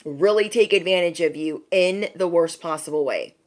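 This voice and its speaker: At a moderate pace and fairly low pitch, a woman chats her way through a spiritual tarot reading for the camera. She keeps calling the viewer "bestie" and adopts exaggerated voices when quoting others.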